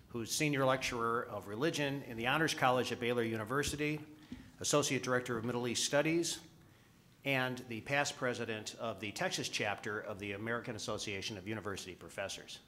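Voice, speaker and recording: A male moderator formally introduces speakers on a panel. His voice is bright and sharp, with a faint room hum behind it. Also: medium pitch, brisk.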